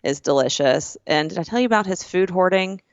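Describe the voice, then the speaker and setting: Alabama woman in her 40s, podcast cohost, animated storyteller, dry slightly muffled sound. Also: on the low side, a little fast, gravelly, dry recording. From Birmingham, Alabama. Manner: animated storytelling, acting out family voices. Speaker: podcast co-host. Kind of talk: casual sister chat.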